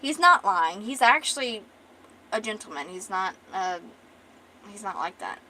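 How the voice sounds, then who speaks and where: A woman's voice: mid-range voice, sing-song, unhurried, bright, forceful tone, rough recording. A woman streamer casually retelling a story, rambling and swearing freely.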